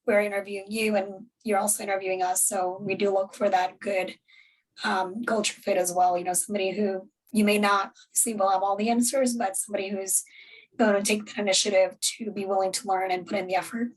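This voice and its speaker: A woman recruiter speaks in an encouraging, conversational way on a panel. Her voice is mid-pitched and sounds set back from the microphone. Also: little pitch movement, brisk, breathy edge, recorded from a distance, rough recording. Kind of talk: panel Q&A answers.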